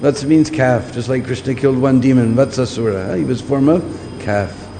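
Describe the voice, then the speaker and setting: The preacher here has a mid-range, dark voice and keeps a moderate pace. He teaches scripture, restating his points and often asking "hmm?" to see if listeners are with him. Long hall reverb and faint background noise are present.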